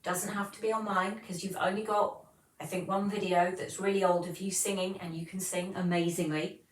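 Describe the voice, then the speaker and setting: Woman, low voice, chatty livestream host reading out comments, kinda far from the mic. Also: little pitch movement, normal speed, echoey room. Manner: chatty, reads viewer comments aloud. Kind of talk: casual livestream chat.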